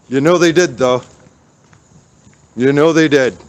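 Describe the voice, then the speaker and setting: A man with a high-leaning voice, speaking a little slowly, streams live as he walks around downtown outdoors. He's furious, ranting and cursing the whole way.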